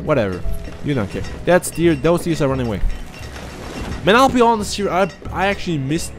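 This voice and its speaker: A man's voice: fairly high pitch, expressive, brisk, soft background music. A man whose first language is German, giving rambling, profane, self-mocking commentary while playing a game. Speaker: gaming commentator. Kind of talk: casual let's-play commentary.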